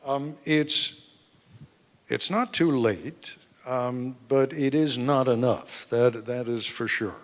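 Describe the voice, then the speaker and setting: Man explaining in a reverberant hall. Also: mid-range voice. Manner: measured, emphatic explaining. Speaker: author being interviewed. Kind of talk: explaining at a live book fair talk. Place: event hall with live audience.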